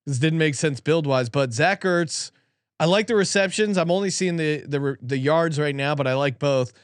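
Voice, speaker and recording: A man co-hosting a sports betting podcast, chatting quickly with laughing banter. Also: a little high, no room sound, clean studio sound. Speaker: podcast co-host.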